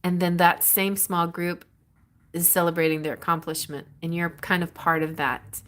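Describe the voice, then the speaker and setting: A woman with a somewhat low voice gives a live-streamed tarot reading. She rambles in an excitable way and often breaks off and restarts her phrases. The tone is casual and spoken straight to the viewer. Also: normal speed. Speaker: tarot reader.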